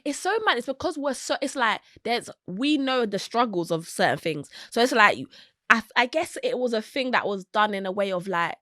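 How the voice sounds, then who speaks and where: Young woman, animated guest storyteller, dry booth sound. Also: fairly high pitch, moderate pace, no echo. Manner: animated storytelling, acting out quotes. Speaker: podcast guest. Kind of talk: casual podcast conversation.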